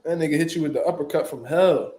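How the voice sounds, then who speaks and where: A man telling a story in casual chat, animated and full of profane street slang. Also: fairly high pitch, fast, echoey room. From Philadelphia, US. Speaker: boxing show host.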